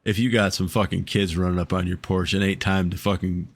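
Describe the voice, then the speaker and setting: In laid-back podcast banter, this male co-host curses a lot and breaks into frequent laughter. He speaks fairly quickly in a low register with little pitch movement.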